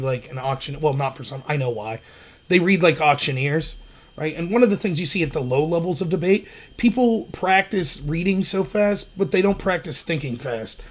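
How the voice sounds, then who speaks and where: A man from Pennsylvania hosting his own livestream, telling stories in a casual, digressive way. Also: on the high side. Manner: storytelling, chatty, digressive. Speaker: livestream host.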